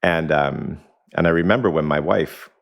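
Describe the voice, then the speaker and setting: Very deep-voiced man talking reflectively. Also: normal speed, creaky. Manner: reflective, explains through anecdotes, chuckles often. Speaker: executive coach, podcast guest. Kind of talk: conversational podcast interview. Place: home kitchen.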